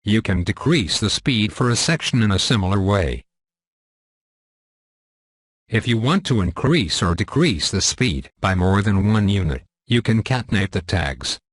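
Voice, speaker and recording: A man reading a scripted software tutorial in a measured, step-by-step instructional manner. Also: on the low side, expressive, no echo.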